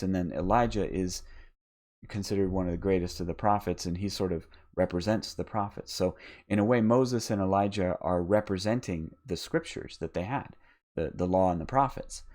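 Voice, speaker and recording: A man with a fairly low voice gives a live, unscripted Bible teaching. He talks his way through the passage, often doubling back and repeating words as he gathers his thoughts. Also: darkish tone. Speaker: podcast host and Bible teacher.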